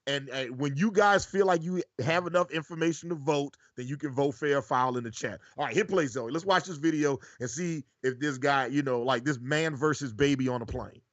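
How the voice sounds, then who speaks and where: A man's voice: medium pitch, a little fast, hardly any pauses, no room sound. A man hosting a casual reaction show, talking loosely with many restarts and directing his producer. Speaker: show host. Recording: slightly dull lo-fi audio.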